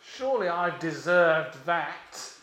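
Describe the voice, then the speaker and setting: Man doing a bitter older brother, slow dragging complaint, high-ish voice, echoey room. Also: animated, fairly bright tone. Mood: resentful.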